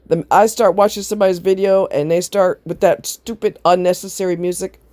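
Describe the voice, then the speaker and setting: A woman's voice: on the low side, steady tone, fairly quick, darkish tone, dry recording. A woman chatting casually to camera, rambling from one aside to the next and often laughing. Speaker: vlogger. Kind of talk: casual chat.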